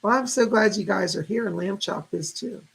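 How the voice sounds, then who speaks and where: A man in his fifties hosting a casual psychic livestream, chatting warmly with viewers and greeting them by name. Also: high-pitched, moderate pace, gravelly, breathy edge. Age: 50s.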